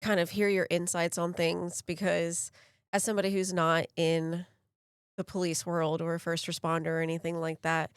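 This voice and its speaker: Effusive, halting woman co-host. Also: fairly low pitch, little pitch movement, smooth, no room sound, clean studio sound. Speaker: podcast co-host. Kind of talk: casual interview conversation.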